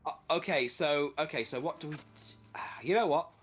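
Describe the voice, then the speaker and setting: With faint music behind him, a gaming channel host chats casually while playing a video game, an animated storyteller who swears and laughs often. His voice is a little high, and his pace moderate.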